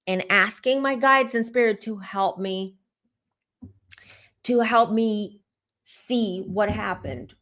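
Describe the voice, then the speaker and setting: A psychic woman with a sharp-toned, mid-range voice tells her viewers about a vision, chatting casually and speaking right to them on camera as a tarot reader.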